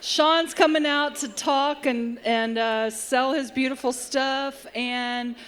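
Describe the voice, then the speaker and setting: A woman's voice: sits high, fairly even intonation, slow pace, a bit bright, clean tone. A woman hosting a stage show, effusive and folksy. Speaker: event host. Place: theatre stage.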